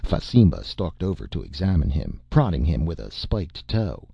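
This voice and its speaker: A man narrating a novel as an audiobook, in a measured storytelling manner. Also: very deep voice, big pitch swings, gravelly, warm tone, husky, no room sound, dull audio. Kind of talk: scripted narration.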